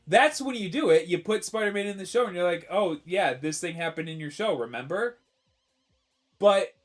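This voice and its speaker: A man with a slightly higher-than-usual voice talks casually on a live stream. He rambles, restarts his sentences and argues his opinions firmly, with faint music playing behind him. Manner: rambling, self-correcting, opinionated.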